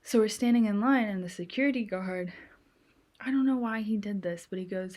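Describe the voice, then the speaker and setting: A woman's voice: medium pitch, fairly quick, a little mellow. A young American woman telling stories in casual chat as a streamer, chatty and acting out quoted voices. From United States.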